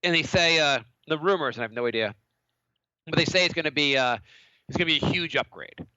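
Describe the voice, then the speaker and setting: A man's voice: a little high, quick pace, pushed and bright, no echo, highs cut off. A man in his thirties co-hosting a comedy podcast, talking casually, laughing often and acting out little quotes. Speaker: podcast co-host.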